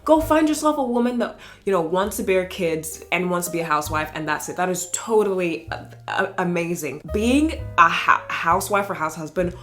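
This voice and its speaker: A woman's voice: on the low side, animated, normal speed, a bit bright, faint music behind. A woman in her twenties chatting casually while getting ready, telling stories with sarcastic asides. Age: 20s. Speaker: vlogger. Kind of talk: casual get-ready-with-me chat.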